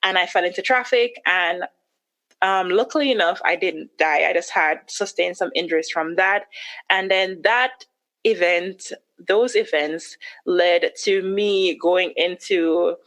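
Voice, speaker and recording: Candid woman recounting a painful story. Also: a little slow. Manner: candid, acts out her own past words with sharp rises in pitch. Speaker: podcast guest. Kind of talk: personal storytelling.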